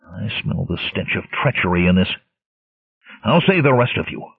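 A man's voice: low-pitched, lively intonation, normal speed, creaky, breathy edge, dry recording, full character voice. A man voicing a blunt, fierce barbarian warrior chief who growls his commands, in a storybook reading. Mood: indignant. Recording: tinny lo-fi narrowband audio.

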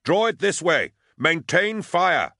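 A man's voice: mid-range voice, expressive, moderate pace, fairly bright tone, no echo, studio quality, pitched above the performer's own voice, lightly acted. A man doing a grim commanding officer. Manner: barked urgent orders.

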